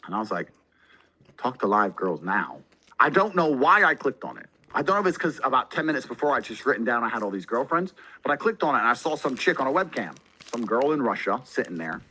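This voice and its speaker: Fast-talking brash, boastful man. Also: medium pitch, slightly rough, poor audio. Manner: brash and boastful, heavy swearing; animated, jumps into loud excited bursts. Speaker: podcast guest. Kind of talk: casual storytelling.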